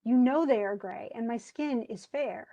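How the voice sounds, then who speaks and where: A woman's voice: fairly high pitch, moderate pace, mellow, close to an everyday voice. A woman voicing a frantic young wife who pleads and insists, near hysterical, as she reads a story aloud to her class. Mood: pleading.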